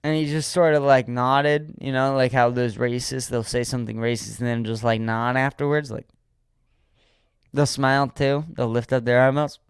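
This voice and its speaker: A man and comedian, from Erie, Pennsylvania, talking alone on his podcast in a rambling, animated way, swearing freely. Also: mid-range voice, normal speed, clear, resonant tone, no echo. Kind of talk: solo podcast monologue.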